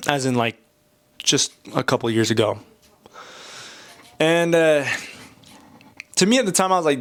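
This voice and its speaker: A man's voice: medium pitch, lively intonation, a little slow, long pauses, a bit bright. A young man with a slightly nasal voice from a cold, talking casually and candidly while drawing, rambling and joking at his own expense. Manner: candid, rambling, self-deprecating. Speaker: art channel host.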